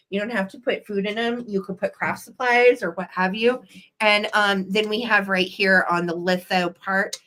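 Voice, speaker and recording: A woman with a medium-pitched, fairly bright voice hosts a live online vintage sale, chatty and effusive as she shows off each item and talks straight to her viewers in the chat. The audio quality is poor.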